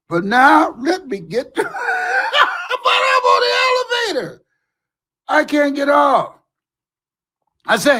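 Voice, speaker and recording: Animated, high-voiced motivational speaker man. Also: takes it slowly, long pauses. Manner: animated storytelling, shouting for emphasis. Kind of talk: motivational talk with anecdotes.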